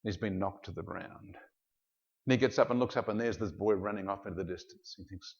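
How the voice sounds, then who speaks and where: A man preaching a teaching sermon as a pastor, telling a story in an animated way. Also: lowish voice, brisk, gravelly. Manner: animated storyteller, shifts into character voices. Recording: dull lo-fi sound.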